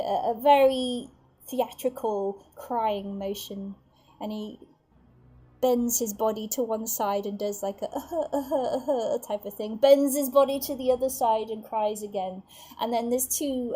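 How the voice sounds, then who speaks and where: A woman narrating a tabletop game as game master, lively and full of restarts. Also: a little high. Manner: lively, with many fillers and restarts.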